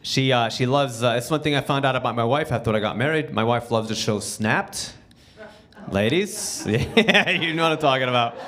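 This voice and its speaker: A man's voice: medium pitch, animated, moderate pace, a bit bright. Man doing a stand-up comedy set. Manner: conversational, punchline-driven, acts out quotes. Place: theater stage before a live audience.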